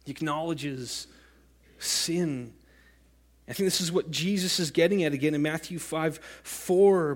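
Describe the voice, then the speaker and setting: A man preaching a sermon as pastor, earnest and rising to impassioned cries when he quotes scripture. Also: fairly high pitch.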